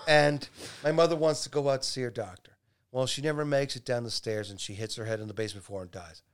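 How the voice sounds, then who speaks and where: A man's voice: quick pace, smooth. Man in his fifties telling a family story. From New York. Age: 50s. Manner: rambling storyteller, drops to a low murmur on sad details. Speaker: guest storyteller. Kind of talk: casual chat.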